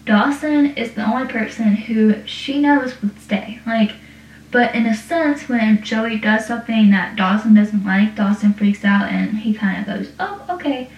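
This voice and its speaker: A woman's voice: mid-range voice, fairly even intonation, unhurried. Rambling young woman, far from the mic. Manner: rambling, heavy use of "like". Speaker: TV show reviewer. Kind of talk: casual chat. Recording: distant, roomy, dull-sounding.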